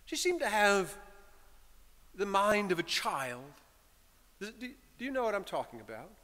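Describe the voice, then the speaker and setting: A man's voice: high voice, big pitch swings, normal speed, sharp tone, in a large hall. A man preaching a sermon as a priest, telling a story with repeated phrases and asides to the congregation. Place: church.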